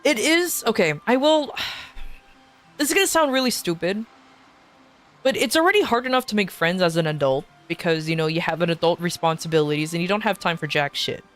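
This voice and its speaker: A woman's voice: lowish voice, animated, a little fast, soft background music. A young adult woman streaming games, chatting casually, swearing freely and laughing often. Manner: blunt, swears freely, laughs often, mocks others in put-on voices. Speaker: VTuber streamer. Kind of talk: casual gaming stream chat.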